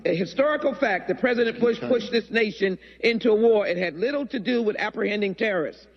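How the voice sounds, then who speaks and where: A woman making a measured, declamatory formal speech on a legislative floor. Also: medium pitch. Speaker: congresswoman speaking on the floor. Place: large legislative chamber. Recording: dull lo-fi clip with long hall reverb.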